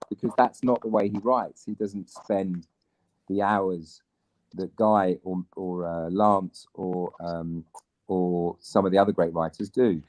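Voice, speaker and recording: A man, an actor chatting as a guest and telling animated anecdotes. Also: deep voice, low-quality recording. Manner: animated storyteller, mimics other people. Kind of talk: casual chat, anecdotes.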